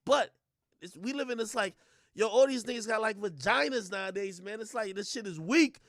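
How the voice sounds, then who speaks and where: A young man ranting profanely on a livestream, talking fast and loose and slipping into mocking voices. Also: sits high, fairly bright tone, dry recording, clean studio sound. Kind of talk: heated livestream rant.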